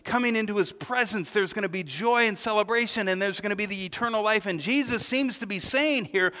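A man preaching a sermon, animated, often repeating his words and acting out the quotes he tells. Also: high-pitched, a little fast, few pauses, big-room sound. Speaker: pastor.

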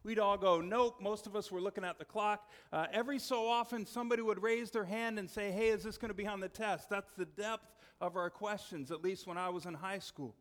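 A male pastor with a high-pitched voice delivers a sermon in a relaxed, storytelling way. He often softens into quiet, earnest tones to drive a point home. The voice carries a long reverb from a large hall. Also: brisk, few pauses.

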